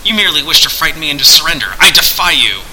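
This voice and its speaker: A man's voice: fairly high pitch, sing-song, rapid-fire, pushed and bright, slight background noise, pitched above the performer's own voice, exaggerated voice, low-quality recording. A man voicing a cunning wizard-thief who gives commands and speaks slyly. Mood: commanding. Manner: commanding, sly. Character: cunning male wizard-thief, defiant and sly.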